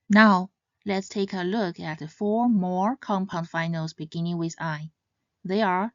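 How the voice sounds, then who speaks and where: A woman teaching Mandarin pronunciation in scripted narration, saying each example syllable louder and higher. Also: unhurried, no room sound. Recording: slightly dull, dry sound.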